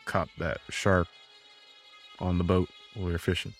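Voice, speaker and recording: A man's voice: sits low, level tone, a little slow, soft background music. A man chatting as a player in a tabletop game, hesitant and unsure. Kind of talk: casual chat in a tabletop game.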